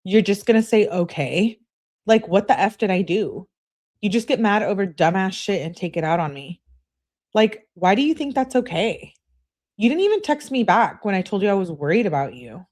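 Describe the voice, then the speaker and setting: A woman's voice: mid-range voice, sing-song, normal speed, a little mellow. A woman reading aloud as an upset teenage girl, clingy and indignant, complaining in an exasperated way. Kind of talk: reading text messages aloud.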